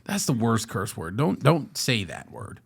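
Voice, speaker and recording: A fairly low, slightly rough voice with vocal fry and a measured pace belongs to a podcast co-host in his thirties. He tells stories animatedly during casual chat, laughing frequently.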